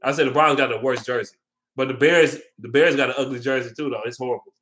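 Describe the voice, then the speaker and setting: A man's voice: medium pitch, steady tone, fast talker, fairly bright tone. A man ranting heatedly and with lots of swearing on his vlog, repeating his points and taking viewer questions. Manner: heated, profane, repetitive ranting. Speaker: vlogger. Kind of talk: casual sports rant.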